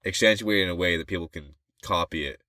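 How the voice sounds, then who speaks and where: A man co-hosting a relaxed podcast, thinking out loud in loose, wandering sentences. His voice sits very low. The sound is dry and close to the mic. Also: quick pace, no echo. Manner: rambling, musing, trails off mid-thought. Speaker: podcast co-host. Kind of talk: casual podcast chat.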